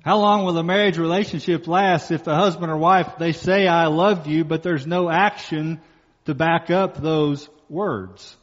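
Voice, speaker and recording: A male pastor preaching a sermon, emphatic, slowing down and repeating key phrases for stress. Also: a little high, steady tone. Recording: muffled sound with long reverb in a hall.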